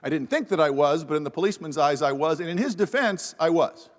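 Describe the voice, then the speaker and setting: A male professor on a panel tells a story at his own expense, lively and wry, through a lapel mic. His voice sits a little higher than most men's. The sound carries a long echo from a large event hall. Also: fast talker. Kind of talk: humorous anecdotal talk at a panel event. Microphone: lapel microphone.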